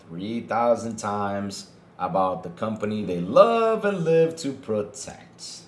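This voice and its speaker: Hosting a gaming podcast, this man reads out news and reacts with animated, mocking, foul-mouthed remarks aimed at his chat. His voice sits lowish and moves at a measured pace, with noticeable reverb.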